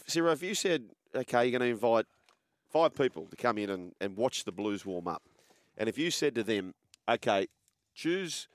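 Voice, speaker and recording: A man hosting a casual sports chat, telling an animated yarn. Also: on the low side, no echo.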